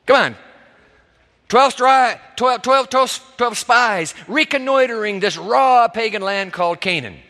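Male pastor, high bright voice, lively dramatic sermon delivery, echoing church hall. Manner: dramatic, acts out quoted voices. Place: church sanctuary. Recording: reverberant hall.

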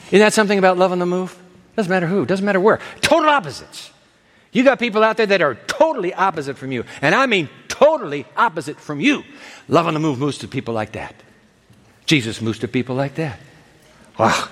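Animated preacher man in echoey hall. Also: on the high side, a little fast. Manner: animated, acts out voices of Jesus and the woman. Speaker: pastor. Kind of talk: sermon.

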